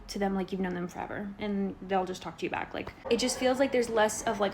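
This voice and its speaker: Chatty young woman vlogging to camera. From Colorado, United States. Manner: chatty, heavy use of "like", acts out quoted people in higher voices. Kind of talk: casual talking-to-camera vlog.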